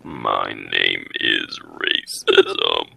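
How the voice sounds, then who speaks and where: A man voicing a menacing male death robot with a gravelly, growling voice in a comedic podcast chat. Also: rumbling low, huge pitch swings, bright, forceful tone, full character voice, low-quality recording. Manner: slow, ominous pronouncements.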